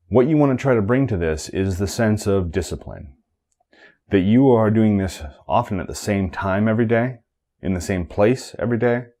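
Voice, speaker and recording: A man giving calm, measured guided meditation instructions, chanting a mantra at times. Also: fairly low pitch. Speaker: meditation teacher.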